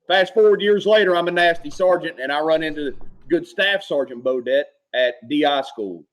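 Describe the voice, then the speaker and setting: A man, a former Marine sergeant, telling profane, animated stories from his service days. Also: a little high, normal speed, rough recording. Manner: profane, animated war storytelling. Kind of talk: casual storytelling.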